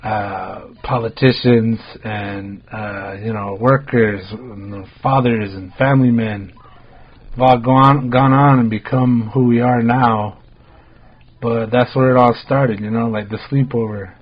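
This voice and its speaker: A man's voice: mid-range voice, steady tone, a little slow, slightly rough, muffled recording. Laid-back American man telling stories. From United States. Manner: laid-back, rambling, heavy on "like" fillers and swearing. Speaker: podcast host. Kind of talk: casual storytelling chat.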